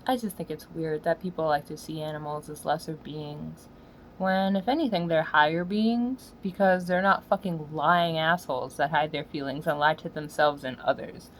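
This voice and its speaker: A woman ranting in a profane, slangy monologue, swinging from low muttering to loud yelling. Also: fairly even intonation, normal speed, slight background noise, low-quality recording. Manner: swears constantly, slangy. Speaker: solo podcaster.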